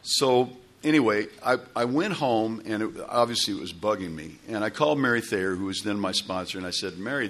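A man's voice: low voice, fairly bright tone. A man telling a long personal story to a recovery group, rambling with restarts and asides. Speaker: speaker sharing at a recovery meeting.

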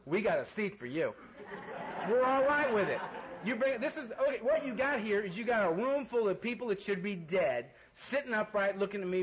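In a meeting room full of people, a man speaks at a recovery meeting, giving a blunt, joking yet earnest personal testimony and swearing casually. His voice is high, and the rough recording carries a little hiss or hum.

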